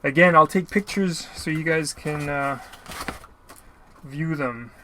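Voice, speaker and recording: A man's voice: fairly high pitch, slow pace, bright, forceful tone, a little hiss or hum. A man casually narrating an unboxing of mail he received, rambling and apologizing often. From Canada. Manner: rambling, apologetic, lots of filler. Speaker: YouTuber opening mail.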